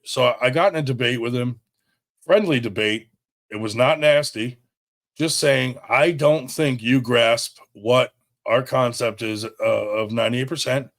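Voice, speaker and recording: A man's voice: mid-range voice, measured pace, fairly bright tone. A man who runs an arm wrestling brand, making a blunt, heated statement to camera, swearing often and restarting his sentences. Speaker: brand owner addressing a rival promoter.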